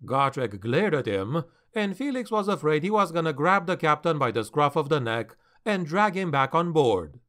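A man narrating a fantasy audiobook in a measured, steady storytelling manner. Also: a little high.

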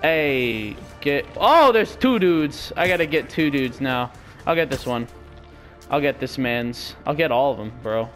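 A man's voice: medium pitch, animated, unhurried, a bit bright, faint music behind. A young man casually commentating his own gameplay, rambling and self-mocking with sudden goofy yelps. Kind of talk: casual let's-play commentary.

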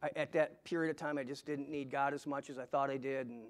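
A man's voice: mid-range voice, steady tone, fast. A middle-aged man giving a personal testimony in a church sermon, telling his story earnestly, often stumbling and restarting his words. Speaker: guest preacher giving testimony. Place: church sanctuary.

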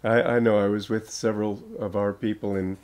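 A man's voice: lowish voice, flat delivery, a little mellow. An older American man, a spiritual teacher, giving an informal talk to an audience, telling stories and laughing often as he goes. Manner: slow, chuckling storyteller.

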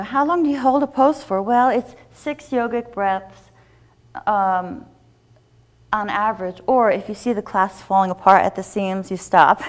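A woman teaching a yoga class, giving gentle, encouraging step-by-step instructions. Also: medium pitch.

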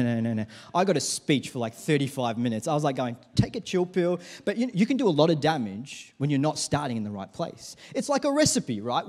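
A man's voice: fairly high pitch, darkish tone. A man preaching a sermon in church, leading the congregation in call-and-response. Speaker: pastor.

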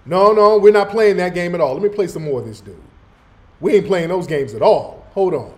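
A man's voice: high voice, a little fast, darkish tone. A man from the United States, hosting a heated and mocking reaction commentary on a played clip. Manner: heated, mocking, repeats his points. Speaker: host.

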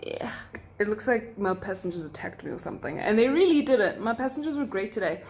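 A woman's voice: mid-range voice, expressive, fairly quick, darkish tone. A young South African woman, a flight attendant, telling stories from her workday in a chatty, giggly way, full of likes and asides. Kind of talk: casual chat.

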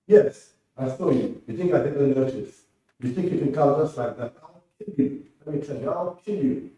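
A furious neighbor who shouts threats, pitched high and loud, as a man reads him aloud. The voice comes from far off in a roomy hall. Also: moderate pace, natural voice. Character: furious threatening male neighbor, quick to anger.

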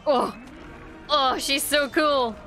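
A young Irish woman hosting a reaction video, chatting casually and gushing excitedly with frequent swearing. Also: high voice, slow, soft background music.

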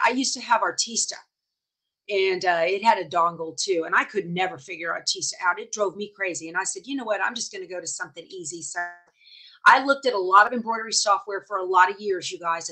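A woman's voice: medium pitch, brisk, pushed and bright. A woman hosting a live embroidery lesson, chatting casually and reassuring viewers by name as she reads their comments. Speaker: host of a live embroidery tutorial stream. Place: home sewing room with a dog nearby.

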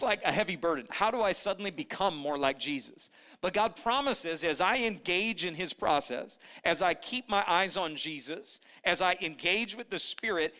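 A man preaching a sermon at a church service, energetic, calling on the congregation to repeat and shout after him, with playful teasing asides. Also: on the high side. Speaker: pastor.

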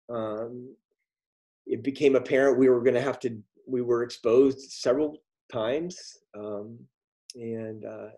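A middle-aged man telling a story on a video call, halting, with many ums and restarts. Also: mid-range voice, mellow. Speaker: guest speaker. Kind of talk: storytelling talk in a virtual meeting.

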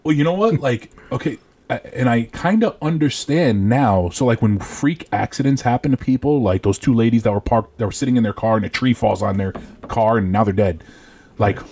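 A man in his thirties from Rhode Island, co-hosting a podcast and telling a profane, animated story in casual chat. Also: mid-range voice, a little fast, breathy edge. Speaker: podcast co-host.

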